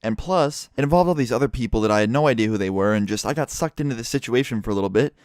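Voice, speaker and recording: Young dude ranting a storytime vlog, talks super fast, swears a lot, dry close mic. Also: male voice, medium pitch, no echo. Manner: profane, excitable storytelling. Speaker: vlogger. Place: his room at home.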